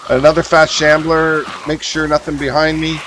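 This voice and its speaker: A man's voice: on the high side, little pitch movement, moderate pace, fairly bright tone, slight background noise, rough recording. A man streaming a survival game, thinking aloud in casual commentary as he sorts gear, with frequent ums and uhs. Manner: thinks aloud, mumbling fillers while sorting items.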